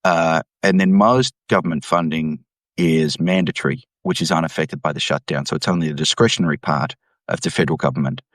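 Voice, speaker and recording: A man, an economics professor, explaining policy in an interview with an emphatic, animated delivery. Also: extremely low pitch, a little fast, no echo. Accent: Australian. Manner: animated, emphatic, mimics voices when quoting.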